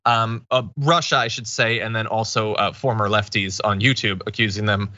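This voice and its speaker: A man's voice: on the low side, steady tone, moderate pace, pushed and bright, no room sound, highs cut off. A man co-hosting a political commentary show, talking casually with sardonic, mocking asides.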